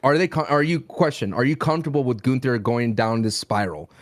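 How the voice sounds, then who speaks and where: A man co-hosting a casual podcast chat, playful and animated, breaking into high shouts. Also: a little fast, dry recording, studio quality. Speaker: podcast co-host.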